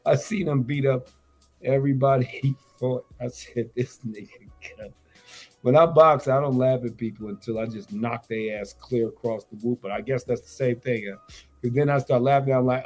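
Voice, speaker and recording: A man's voice: mid-range voice, moderate pace, darkish tone, faint music behind. A man on a radio show, bragging loosely about his fighting and betting, with rambling slang and swearing. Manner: boastful, rambling, profane slang. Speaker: radio guest. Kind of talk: boastful casual chat.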